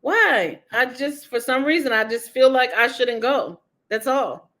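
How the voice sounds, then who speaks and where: A woman's voice: fairly high pitch, expressive, a little slow, a bit bright. A woman author being interviewed, talking candidly and emphatically, laughing often.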